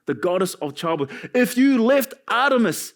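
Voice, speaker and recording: Animated, high-voiced male pastor preaching. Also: moderate pace. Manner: animated preaching with jokes and asides. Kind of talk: sermon. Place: church.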